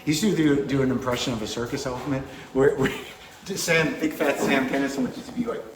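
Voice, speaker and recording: A man, a comedian, chatting casually and telling rambling, wry anecdotes, slipping into quick impressions. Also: medium pitch, fairly even intonation, echoey room, slight background noise. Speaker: comedian guest. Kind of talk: casual storytelling chat. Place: comedy club.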